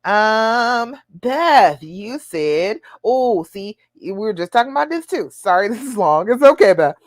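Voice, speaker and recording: A woman's voice: mid-range voice, very animated, a little slow, no echo. A woman hosting a live relationship-coaching show, answering viewer questions in an earnest, encouraging way and acting out imagined inner voices.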